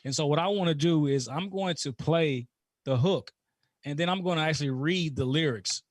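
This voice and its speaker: A man's voice: a little high, normal speed, no echo, clean studio sound. A man hosting a casual live interview, talking informally and often restarting and repeating words. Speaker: host.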